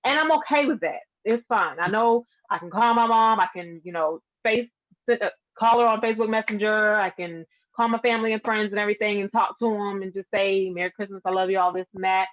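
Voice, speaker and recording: A woman's voice: medium pitch, fairly quick, no room sound, dull audio. Upbeat, earnest woman. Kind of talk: casual talk show conversation.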